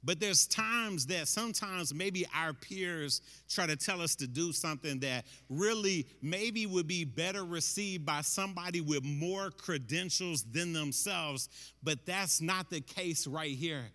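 A man's voice: fairly high pitch, unhurried, sharp tone, in a large hall. A man preaching a sermon in a conversational, emphatic way, often tossing in "man" as he drives a point home.

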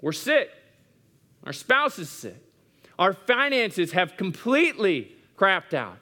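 A pastor preaching a sermon at a church service, conversational and repeating phrases for emphasis. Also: male voice, high-pitched, big pitch swings, slow, bright, forceful tone.

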